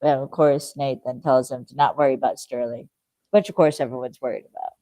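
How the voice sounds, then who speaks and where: Co-host for a fan podcast: mellow low-toned voice, dry close sound, loose rambling recap. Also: fairly even intonation, fairly quick, no room sound. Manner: rambling, lots of fillers, acts out characters' lines. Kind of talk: casual chat recapping a TV episode.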